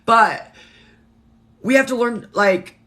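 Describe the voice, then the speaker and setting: Frank, bright-voiced woman livestreaming. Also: on the high side, takes it slowly. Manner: frank and emotional, swears casually, talks to viewers by name. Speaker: livestream host. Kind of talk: casual livestream chat.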